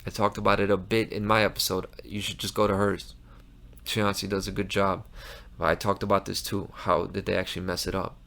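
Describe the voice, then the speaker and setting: Low gravelly guy hosting his own show, heated and emphatic, keeps restarting words. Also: flat delivery, fairly quick, a bit bright. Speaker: host. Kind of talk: impassioned commentary monologue.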